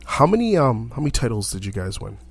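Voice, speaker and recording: A man who talks quickly and swears freely. His pitch jumps around a lot as he reacts, and the room sounds dry and close. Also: husky. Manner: fast, profane, lively interjections. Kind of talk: casual chat interview.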